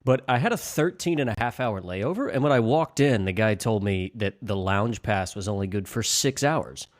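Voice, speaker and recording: A man co-hosting a casual podcast over a remote call, telling stories in an animated, exasperated way. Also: on the low side, normal speed, no room sound, studio quality. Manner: animated, storytelling, exasperated rants. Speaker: podcast co-host.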